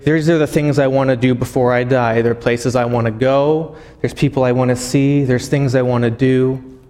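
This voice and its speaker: A man preaching a sermon. He tells a long story, halting and often repeating words as he goes. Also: mid-range voice, fairly even intonation, a little mellow. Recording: long hall reverb.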